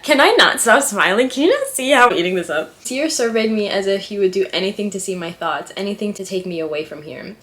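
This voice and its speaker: A woman vlogging casually, reading a story aloud and breaking off into giddy, excitable reactions. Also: lowish voice. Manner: reads fiction aloud softly. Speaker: writing vlogger.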